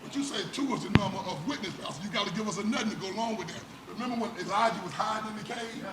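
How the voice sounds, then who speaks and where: A man's voice: high voice, racing. A man preaching a sermon as pastor, dramatic, with rhetorical questions and lots of repetition. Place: church sanctuary. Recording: echoey church room with background noise.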